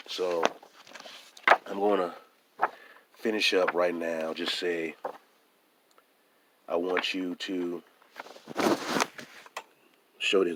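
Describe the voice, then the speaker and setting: Low, hoarse man, emphatic. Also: noisy background. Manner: emphatic and repetitive, often restarting phrases. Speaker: vlogger. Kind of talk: casual vlog monologue.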